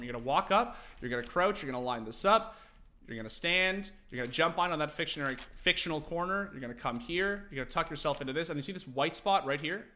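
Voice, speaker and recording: A young man casually streaming, teaching game tactics to his chat, animated and profane. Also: fairly high pitch. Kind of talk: casual livestream commentary.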